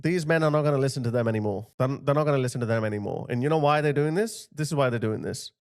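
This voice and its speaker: A man's voice: mid-range voice, racing, no echo, studio quality. A man hosting a commentary video, ranting in a heated, scornful way and repeating short jabs. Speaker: commentary channel host.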